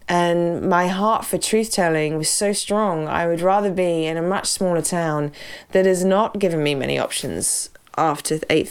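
A woman's voice: on the low side, darkish tone, clean tone. A woman hosting a podcast, talking casually and drifting into digressive stories and asides. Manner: chatty, digressive storytelling with asides. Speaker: podcast host. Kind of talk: casual personal talk.

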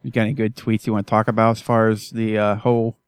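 Male podcast co-host, deadpan storyteller, crude humor, dry studio sound. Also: fairly low pitch, fast talker, smooth, no echo. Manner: wry, deadpan storytelling with cursing. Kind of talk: casual profane chat.

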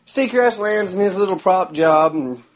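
A man's voice: sits high, expressive, moderate pace. A man, telling a rambling story in a sarcastic, crude, mocking way. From Oklahoma. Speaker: vlogger.

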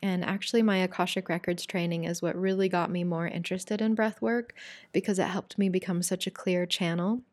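Soft-spoken woman guiding breathwork. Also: lowish voice, fairly quick, no echo. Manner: calm, soft-spoken, casual and candid. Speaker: breathwork and yoga teacher. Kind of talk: guided breathwork lesson.

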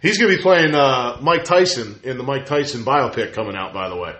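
A man chatting casually as a podcast host, telling stories with lively acted-out quotes. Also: mid-range voice, fairly quick. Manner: animated storyteller, acts out quotes. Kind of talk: casual chat. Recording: roomy echo.

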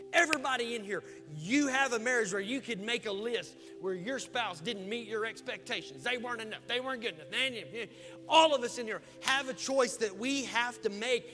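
A man preaching as a pastor in a large church hall, pleading and emphatic, with sudden soft asides. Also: sits high, lively intonation, fairly quick. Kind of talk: sermon. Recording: long hall reverb with music behind.

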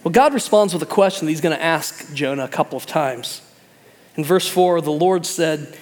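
A male pastor with a high voice preaching in a loose, joking, conversational way. His words trail off into a long reverb, as in a large church hall. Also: sing-song, a little fast. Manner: conversational and humorous, acting out voices. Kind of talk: sermon.

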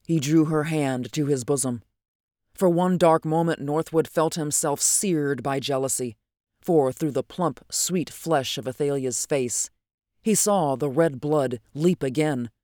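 A narrator reading a novel aloud with an even storytelling cadence. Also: medium pitch, measured pace, no room sound, studio quality. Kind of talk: audiobook narration.

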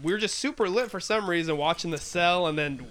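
A man's voice: high-pitched, brisk, a bit bright. A young man, telling a rambling story to friends, laughing and restarting often. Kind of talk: casual storytelling among friends. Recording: noisy room.

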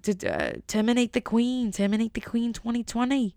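A woman's voice: a little high, unhurried, gravelly, no echo, studio quality, pitched above the performer's own voice. A woman voicing a pushy mock British person who keeps nagging people to vote. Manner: nagging, repetitive.

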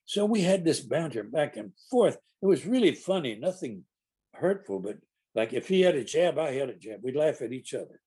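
A man's voice: a little high, very animated, moderate pace, dark tone, husky. An older man, an actor, telling rambling anecdotes in conversation, with many restarts and acted-out quotes. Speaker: actor guest.

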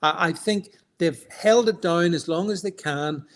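A man's voice: a little high, measured pace, fairly bright tone. A man co-hosting an online stream, talking emphatically with many stammered restarts. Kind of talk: casual political chat.

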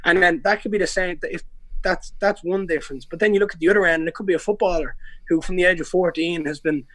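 Young irish guy rambling thru a story on a podcast, kinda high voice, dry close sound. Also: fast, fairly bright tone, no echo. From Ireland. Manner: rambling storytelling with many restarts and slang. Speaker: guest, pro MMA fighter. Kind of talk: casual podcast interview.

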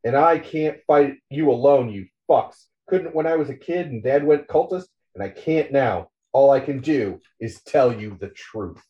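A man's voice: medium pitch, measured pace, few pauses, distant mic, muffled recording, natural voice. A man voicing an angry, cynical male journalist who delivers a profane, scathing tirade. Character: furious cynical male journalist ranting at a crowd.

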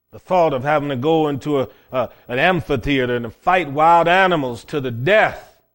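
A man preaching a folksy, plain-spoken sermon with storytelling, swinging between loud and hushed passages. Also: mid-range voice.

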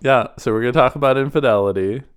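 A man co-hosting a podcast, friendly and relaxed, giving a casual intro and chat. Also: medium pitch, fast, smooth, no room sound. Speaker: podcast co-host.

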